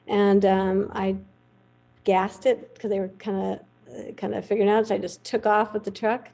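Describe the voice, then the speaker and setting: A middle-aged woman, a veterinarian, telling a lively anecdote in a podcast interview. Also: medium pitch, normal speed, gravelly, rough recording. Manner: lively anecdotal storytelling, acts out quoted voices. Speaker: veterinarian guest.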